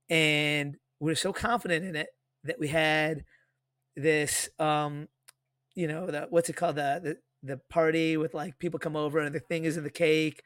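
A fairly high-voiced man in his thirties rambles through a story with plenty of fillers. His voice sounds dry and close, with almost no room echo. It's a relaxed podcast chat. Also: measured pace. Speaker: podcast co-host.

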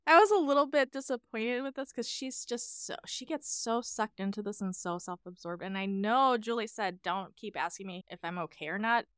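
A woman's voice: mid-range voice, normal speed, few pauses, a bit bright, clear, resonant tone, dry recording, studio quality. A woman co-hosting a podcast, casually sharing reflective, opinionated commentary on a TV show. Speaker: podcast co-host. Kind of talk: casual discussion.

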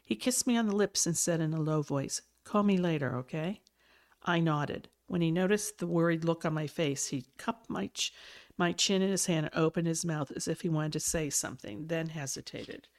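A woman with a low, gravelly voice reads a novel aloud, expressive and steady, now and then fixing a slipped word. Between chapters she chats easily with a guest. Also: moderate pace. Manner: expressive reader with small slips and self-corrections. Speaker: podcast host reading a novel aloud. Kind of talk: audiobook-style reading, then casual chat.

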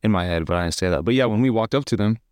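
A man's voice: on the low side, very fast, smooth, no echo. A young man co-hosting a podcast, telling stories in casual chat with laughter and acted-out quotes. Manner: animated storytelling, laughing, acting out quotes. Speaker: podcast co-host.

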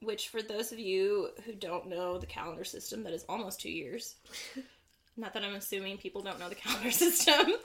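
A woman's voice: medium pitch, moderate pace, bright, forceful tone. A woman co-hosting a podcast, bantering playfully and giggling. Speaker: podcast co-host. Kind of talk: casual chat.

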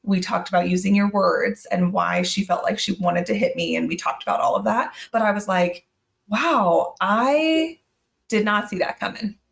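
A woman in her thirties co-hosting a casual parenting podcast, her voice carrying a gravelly edge. She tells family stories in an easy, chatty way and slips in little quoted asides. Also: mid-range voice, moderate pace. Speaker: podcast co-host. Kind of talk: casual chat.

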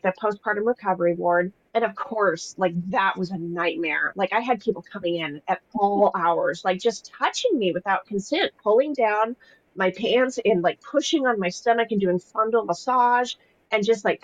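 A young woman speaks as a podcast guest, telling her own story in a candid, emotional, rambling way. Her mid-pitched voice comes through slightly dull and dry, with no room sound around it. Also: normal speed, no echo. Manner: candid, emotional, heavy use of fillers. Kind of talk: casual personal storytelling.

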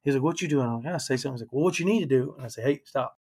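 Racing through his words, this thirty-something podcast guest has an ordinary mid-range voice that's slightly mellow and husky. He's earnest and reflective while telling his own story openly, and his feelings sometimes show.

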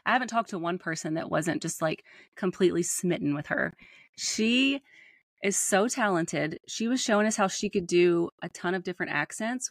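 A Southern American woman co-hosting a podcast, talking in an enthusiastic, gushing way with frequent laughs. Her voice sits a little low, recorded dry and close with no room around it. Casual, chatty delivery. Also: no room sound. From United States. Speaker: podcast co-host. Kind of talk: casual chat.

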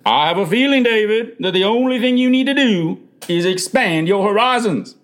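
Wise plain-spoken grandfather, older, slow deliberate delivery, read by a male narrator. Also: high-pitched, lively intonation, voice pushed up. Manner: slow, deliberate, gently probing.

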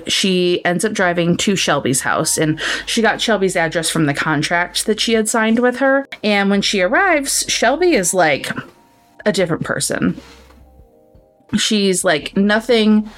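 A woman co-hosting a book podcast, recapping a thriller in a casual, animated way and acting out the characters' lines. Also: lowish voice. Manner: animated retelling with acted-out quotes. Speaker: podcast co-host.

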